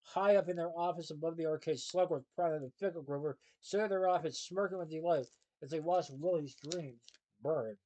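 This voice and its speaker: A man's voice: a little high, moderate pace, darkish tone, low-quality recording. A man reading a children's novel aloud in a plain way, with small slips and self-corrections. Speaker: storybook reader.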